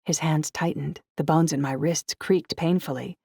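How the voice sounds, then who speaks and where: Female audiobook narrator, low and dry, steady first-person read. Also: normal speed, creaky, husky, dry recording.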